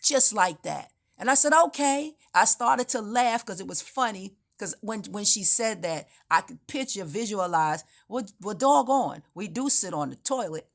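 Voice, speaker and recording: A woman's voice: medium pitch, lively intonation, normal speed, few pauses. A woman giving an unscripted spiritual monologue, telling her story in a meandering, emphatic way with frequent restarts. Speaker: spiritual speaker.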